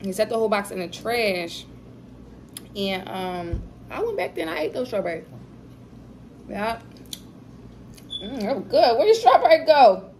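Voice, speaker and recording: Chatty young mom vlogging. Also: female voice, mid-range voice, measured pace, long pauses, slight background noise, poor audio. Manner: relaxed, chatty, laughing while eating. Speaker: vlogger, mother. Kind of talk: casual storytelling chat.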